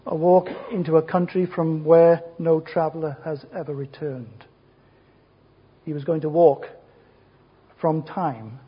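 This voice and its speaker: A man preaching a sermon, emphatic and rhetorical, speaking in short phrases with pauses between them. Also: a little high, husky. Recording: dull lo-fi sermon recording.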